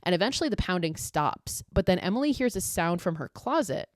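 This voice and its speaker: A woman hosts a podcast and retells a horror movie scene by scene in casual, animated speech. She swears freely and fills her sentences with filler words. Her voice sits on the low side and is recorded dry and close. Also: a little fast, dry recording. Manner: animated, profane, filler-heavy. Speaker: podcast host.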